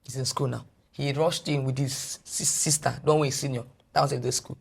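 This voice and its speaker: Husky Nigerian woman telling her story. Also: rumbling low, fairly quick. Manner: animated retelling that slips between English and Pidgin. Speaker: guest. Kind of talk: personal storytelling in a podcast interview.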